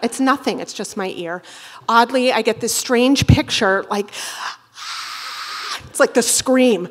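A woman telling a true personal story live on a theater stage. She tells it in a profane, animated, comic way, full of quick asides. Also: fairly high pitch, a little hiss or hum. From Boston area.

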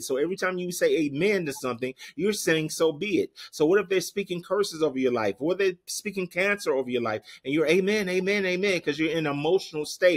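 A man with a husky, breathy edge to his fairly high voice gives preaching-style answers as an interview guest. He talks in an emphatic, repetitive teaching cadence, hammering the same instruction again and again. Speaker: guest minister.

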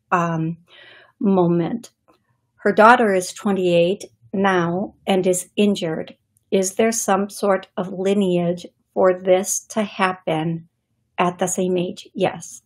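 Brief: woman psychic medium host, unhurried, halting delivery, laughs easily between thoughts, middle-pitched. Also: darkish tone. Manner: slow, halting, thinking aloud with pauses; laughs often between remarks. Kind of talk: live call-in radio show.

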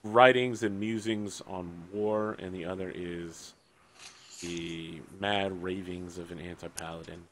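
A man's voice: deep voice, steady tone, a little slow, fairly bright tone. A man narrating as game master, moving between room descriptions and joking banter with the players.

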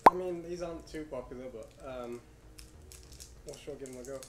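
A man's voice: mid-range voice, fairly quick, sharp tone. Laid-back British man in an echoey, noisy room. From United Kingdom. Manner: laid-back, dry, wry remarks. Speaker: co-host. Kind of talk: casual snack taste-test chat. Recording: echoey room with background noise.

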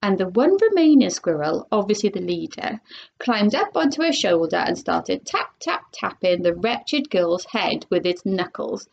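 A woman's voice: mid-range voice, sing-song, measured pace, gravelly. A woman, a primary school teacher, reading a children's storybook aloud expressively. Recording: dull lo-fi recording.

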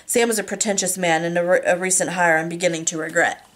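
A woman's voice: fairly low pitch, steady tone, fast talker, a bit bright. A woman reading a novel aloud casually, now and then stumbling over words and apologizing. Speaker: reader.

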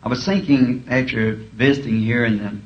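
A man's voice: mid-range voice, steady tone, normal speed. A man preaching a sermon in a school auditorium, telling folksy, humorous stories. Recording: dull archival tape, faint hiss.

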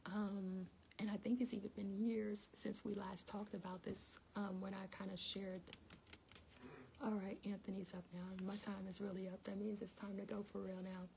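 A woman's voice: medium pitch, level tone, normal speed, vocal fry, a little mellow. A middle-aged woman talks casually to her viewers during a morning devotional stream. She tells stories animatedly and laughs often. Her voice sits in a middle range, with a faint hiss behind it. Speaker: devotional livestream host.

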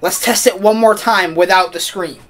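A young man playing a motion-controlled bowling game and commenting at his desk at home, excitable and often breaking into screams and shouts. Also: sits high, normal speed, soft background music. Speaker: gaming video creator. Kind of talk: excitable let's-play commentary. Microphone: desk mic, camera off.

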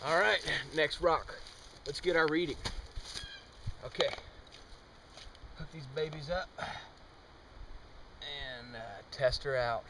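Slow, deadpan young man outdoors. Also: on the high side, distant mic, slight background noise. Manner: deadpan, mock-serious narration with sudden outbursts. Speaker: amateur experimenter. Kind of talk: mock-scientific comic monologue. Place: outdoors on a trail.

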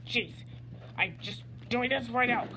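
A woman voicing an excitable male cowboy toy sheriff in gameplay commentary, repeating and sputtering words. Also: fairly high pitch, a little slow, background noise. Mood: frustrated. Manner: repeats phrases over and over, sputters and stammers. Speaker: gamer playing in character.

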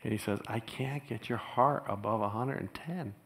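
A man preaching a casual, storytelling sermon to a church congregation, chuckling often and getting animated when he quotes other people. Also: mid-range voice, moderate pace, gravelly. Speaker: pastor.

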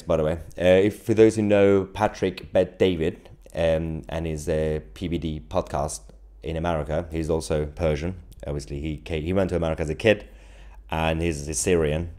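With a bass voice and dark tone, this man hosts a political live stream, reading viewer comments in a laid-back, joking way. He chuckles a lot and goes off on rambling asides.

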